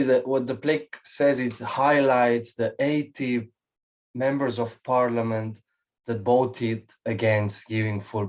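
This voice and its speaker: A man's voice: on the low side, a little mellow. A man giving a conversational academic conference discussion of a paper, with personal asides.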